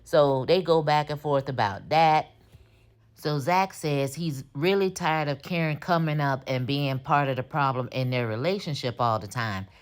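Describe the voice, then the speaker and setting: Low-voiced woman giving a blunt TV recap. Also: normal speed. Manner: opinionated, talks straight at the characters; slangy, informal. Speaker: TV recap host. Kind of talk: casual TV episode recap.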